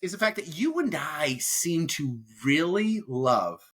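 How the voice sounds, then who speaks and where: A man's voice: a little high, lively intonation, slow, fairly bright tone. A man co-hosting a podcast in casual chat, rambling and repeating words as he talks. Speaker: podcast co-host.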